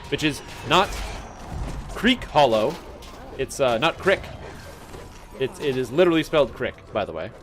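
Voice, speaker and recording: Guy streaming a game, jokey rants, soft music under his voice. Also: mid-range voice, sing-song, normal speed. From Canada. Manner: joking, incredulous rants. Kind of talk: casual gameplay chat.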